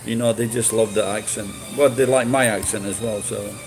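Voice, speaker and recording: A man's voice: lowish voice, fairly even intonation, moderate pace, low-quality recording. A man chatting casually, rambling and swearing, with frequent restarts. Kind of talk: casual chat.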